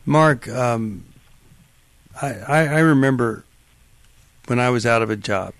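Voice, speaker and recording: A man's voice: medium pitch, a little slow, dry recording. A male radio talk show host giving earnest, emphatic and empathetic advice to callers in a studio.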